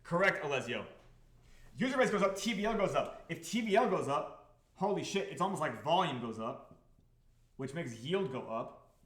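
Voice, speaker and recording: A man's voice: on the high side, big pitch swings, normal speed, pauses often, fairly bright tone, reverberant. A man hosting a live stream, talking casually to chat and swearing freely. He repeats himself and keeps asking the audience whether they follow. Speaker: crypto project founder hosting a live stream.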